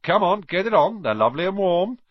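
A man's voice: medium pitch, big pitch swings, brisk, no room sound, muffled recording. A man voicing a bossy, teasing teenage twin brother.

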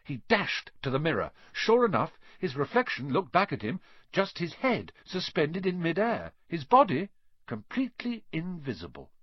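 A man narrating an audiobook in an expressive storytelling manner. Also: fairly high pitch, normal speed, husky, dry recording. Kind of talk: scripted narration. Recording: dry, slightly dull lo-fi sound.

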